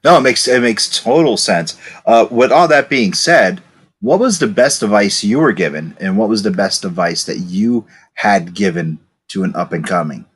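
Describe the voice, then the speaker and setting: A male podcast host with a low, husky voice asks long, wandering questions and restarts himself often in a relaxed interview. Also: moderate pace.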